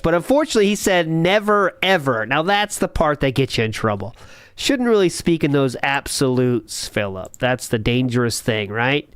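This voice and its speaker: Man, stream co-host, jokey and mocking, lively bouncy delivery, dry close mic. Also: on the high side, a little fast, clean tone, no echo. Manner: joking, mocking, laughs often. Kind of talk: casual stream reaction chat.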